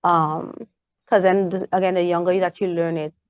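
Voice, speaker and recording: Caribbean woman with a low voice. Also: normal speed, clear, resonant tone, no echo, dull audio. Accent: Caribbean English. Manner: animated storyteller, acts out her child's voice. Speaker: interview guest. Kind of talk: casual interview chat.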